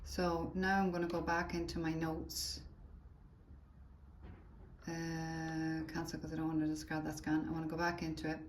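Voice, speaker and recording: A woman's voice: sits low, monotone, moderate pace, pauses often, reverberant, a little hiss or hum. A woman leading a live phone tutorial for teachers, chatty and thinking aloud as she taps through the steps. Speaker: teacher trainer.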